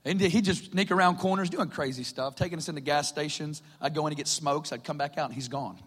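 A talkative male preacher sharing his testimony from a stage, his voice sitting a touch high for a man. He laughs often and acts out what others said as he tells the story. Long reverb trails each phrase. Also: fast, breathy edge. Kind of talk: personal testimony sermon. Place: stage in a hall.

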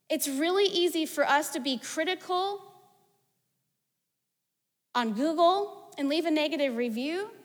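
A woman in her thirties giving a sermon, animated and conversational, telling stories with casual asides. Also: high-pitched. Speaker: preacher. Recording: long hall reverb.

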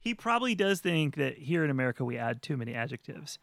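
A man co-hosting a casual chat, joking and animated. His voice is gravelly and swings widely in pitch. The sound is dry and close. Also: fast talker, dry recording. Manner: animated, joking, voice jumps high when excited. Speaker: podcast co-host.

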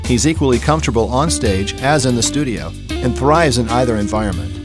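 A man's voice: mid-range voice, animated, brisk. Male host reading an intro over guitar. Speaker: podcast host. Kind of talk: scripted intro narration. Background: guitar music.

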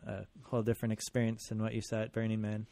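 A man's voice: fairly low pitch, monotone, fast talker, creaky, warm tone. A man hosting a radio show, chatting casually in a studio, joking and laughing easily.

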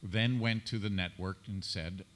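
A man's voice: sits low, steady tone, a little slow. A male actor on a convention panel, telling an articulate anecdote with a few fillers. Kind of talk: storytelling panel answer.

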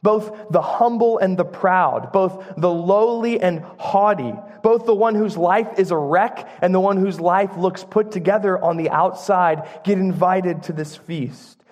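A man preaching a sermon in church, earnest and emphatic, using dramatic pauses. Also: high-pitched, a little mellow. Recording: long church reverb.

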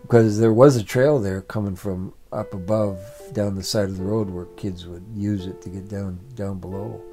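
A man's voice: fairly low pitch, fairly even intonation, moderate pace, music in the background. A man telling a family story aloud in a plain, repetitive storytelling way. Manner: repetitive, building phrases. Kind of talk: oral storytelling.

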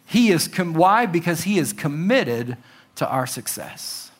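A pastor with a fairly high-pitched voice delivers an animated sermon, acting out quotes with exclamations. On key lines he drops into slow, soft emphasis.

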